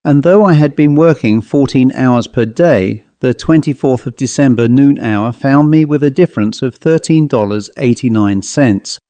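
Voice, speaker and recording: A male audiobook narrator with a warm, mellow voice and a measured, wry delivery, reading a ghost story. The sound is close and dry, with no room echo. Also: medium pitch.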